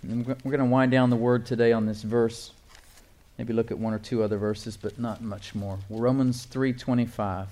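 A male pastor preaching a sermon, emphatic, repeating phrases and reading scripture slowly. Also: medium pitch, dark tone.

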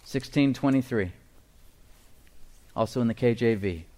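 With a dark tone in his mid-range voice, the middle-aged preacher draws call-and-response from his congregation. Scripture comes out slow and emphatic, and he lets out chuckles between points.

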